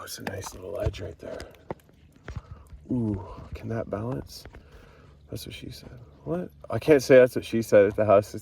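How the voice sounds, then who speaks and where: A man's voice: a little high, gravelly, a little mellow, slight background noise. A young man in a casual confessional vlog, rambling and swearing, filming outdoors on a hillside with a handheld camera. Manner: rambling, profane, self-mocking with restarts. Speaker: vlogger.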